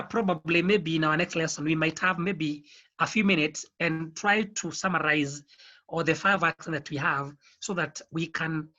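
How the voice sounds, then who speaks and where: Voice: mid-range voice, bright, forceful tone. Patient French teacher on a lo-fi call. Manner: patient, explanatory, repeats key points. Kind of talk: online beginner language lesson. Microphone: video call.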